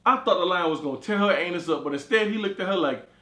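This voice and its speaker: A man's voice: sits high, quick pace, roomy sound. A man with a cold and a stuffy nose telling a comic story to camera, acting out each voice in it. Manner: animated, acts out every voice in the story. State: congested with a cold. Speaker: comedy vlogger.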